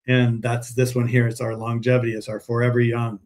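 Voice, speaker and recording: A man's voice: mid-range voice, completely flat delivery, a little fast, a little mellow. A man hosting a live stream and chatting with viewers, telling long stories in a rambling way with frequent restarts. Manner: rambling storyteller, many restarts. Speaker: host, pet supplement seller.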